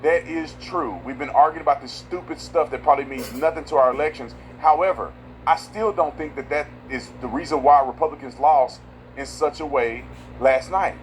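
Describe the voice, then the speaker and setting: A man hosting a casual political commentary video, talking in an emphatic, slangy way and swinging from loud outbursts to low asides. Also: normal speed, slight background noise, poor audio.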